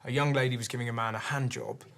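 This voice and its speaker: A man hosting a comedy show, chatting in a casual, animated way and quick to laugh. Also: mid-range voice, creaky. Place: television studio.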